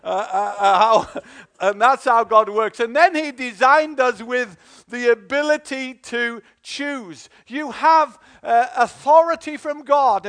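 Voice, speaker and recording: High-voiced Northern English preacher. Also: male voice, a bit bright. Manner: exhorting congregation, many fillers and call-outs. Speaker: pastor. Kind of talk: sermon.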